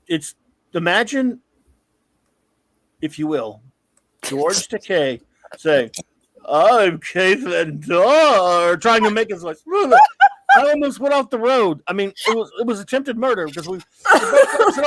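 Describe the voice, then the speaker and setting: A man in his fifties hosting a casual comics talk stream, an animated storyteller who often breaks into laughter. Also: high-pitched, a little hiss or hum. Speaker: comics podcast host. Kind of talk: casual live-stream chat.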